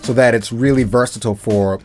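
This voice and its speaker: A man's voice: mid-range voice, steady tone, brisk, darkish tone, soft background music. A man casually reviewing a microphone in an upbeat, conversational way, repeating phrases for emphasis, recorded close on a studio condenser mic at a desk setup.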